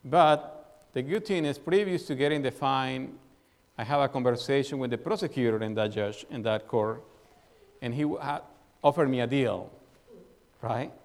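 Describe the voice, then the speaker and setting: A man's voice: mid-range voice, moderate pace. Male pastor delivering a sermon in a church hall with long reverb, asking the congregation questions. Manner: asks the congregation questions and tags lines with "right?"; tells a personal story as an illustration.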